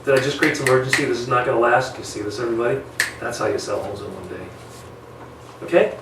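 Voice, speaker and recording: A medium-pitched, creaky voice moves at a quick pace as this man teaches a spirited sales training session, acting out calls with clients and varying his speed intentionally. The distant mic captures an echoey room and background noise.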